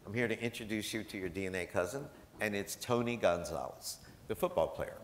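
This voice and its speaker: A man's voice: on the low side, fairly quick, slight background noise. A man speaking as a guest at a gala, telling humorous stories to a live audience in a chatty, jokey way and quoting the people in them. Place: large event hall. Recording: echoey hall.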